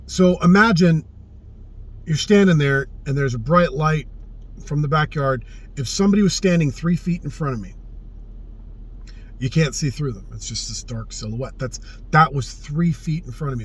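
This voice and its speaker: A man telling a personal story in casual spoken style, earnest and often hushed, swearing freely and repeating phrases for emphasis. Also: fairly high pitch, husky. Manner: often drops to a hushed, subdued tone.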